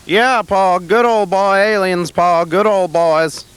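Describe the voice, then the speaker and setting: A man playing a dim-witted, meek farm son in a comedy sketch, slowly repeating what his father says. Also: high voice, steady tone, a bit bright, smooth. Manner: slow, repetitive echoing of his father.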